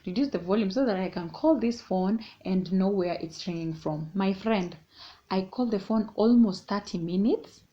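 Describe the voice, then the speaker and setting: A woman's voice: medium pitch, moderate pace, a little hiss or hum. A young woman telling a story casually and animatedly, mixing English and Swahili. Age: young adult. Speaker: vlogger. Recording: dull lo-fi sound.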